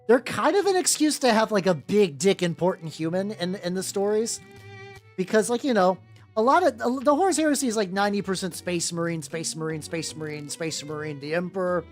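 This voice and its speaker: A woman's voice: mid-range voice, darkish tone. A young woman chatting casually on a livestream, rambling with lots of restarts and greeting her chat. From United States. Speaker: streamer. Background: faint background music.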